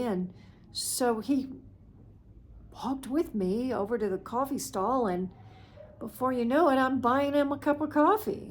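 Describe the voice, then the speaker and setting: A woman in her sixties tells a story in a casual vlog. She speaks at an unhurried, drawn-out pace, and her voice sits a little high. She is chatty and amused, and she pokes fun at herself. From United States. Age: 60s. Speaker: vlogger.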